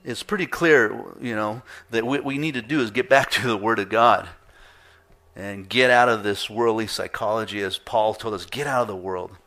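Bright-voiced man preaching a sermon. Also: on the low side, moderate pace. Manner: conversational teaching, rhetorical questions, emphatic repetition. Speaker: pastor.

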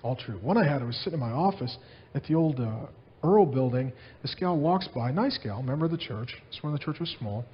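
A man preaching a sermon as pastor, telling stories in an animated way and repeating his phrases. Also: medium pitch, fairly quick, lo-fi sound, a little hiss or hum.

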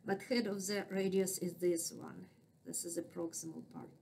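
A woman's voice: lowish voice, sing-song, normal speed, gravelly, a little mellow, a little hiss or hum. A woman with a non-native English accent teaching anatomy, patiently naming structures and checking in with frequent questions. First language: not English. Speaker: anatomy instructor. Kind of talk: classroom lecture.

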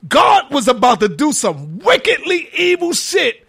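A man giving a heated, profane preaching-style lecture, mocking his critics and often shouting for emphasis. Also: very high-pitched, huge pitch swings, measured pace, gravelly. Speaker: religious lecturer.

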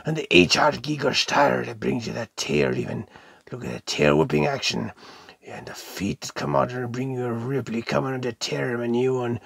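A man's voice: mid-range voice, fairly even intonation, moderate pace, gravelly, slightly rough, no echo. A man hosting an unboxing vlog in a theatrical, showman-like way, playfully hamming it up for the audience and now and then slipping into mock-pirate phrasing. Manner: showman-like, addressing the audience as ladies and gentlemen. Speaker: toy and cereal reviewer.

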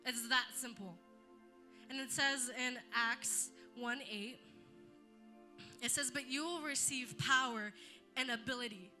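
A young woman leading a church youth talk, telling stories in an animated way and acting out what others said. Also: fairly high pitch, unhurried, pauses often, faint music behind. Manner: animated storytelling, acts out quotes. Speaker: youth leader.

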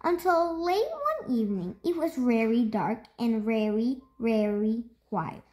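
Slow, expressive woman reading a picture book. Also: fairly high pitch. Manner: expressive, slow storytelling with drawn-out words. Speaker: storytime host. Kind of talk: children's picture book read-aloud.

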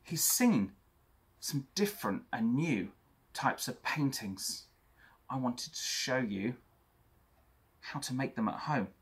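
A young man teaching an art lesson for children, chatty and talking straight to young viewers, with a husky voice. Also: medium pitch, animated, slow pace, pauses often.

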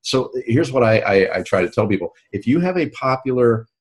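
A man's voice: medium pitch, animated, brisk. A man, an author and show host, talking casually in an interview and explaining at length with frequent restarts.

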